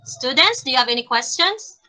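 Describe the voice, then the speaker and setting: Bright high-voiced Filipino English woman teaching. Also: lively intonation, low-quality recording. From Philippines. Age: young adult. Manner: deliberate, checks in often with okay. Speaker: teacher in a class role-play. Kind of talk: classroom teaching.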